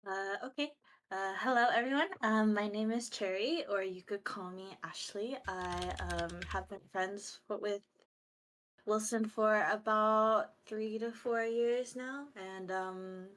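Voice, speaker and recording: A woman's voice: mid-range voice, slow pace, a bit bright. A young woman introducing herself as a podcast guest, hesitant with lots of ums.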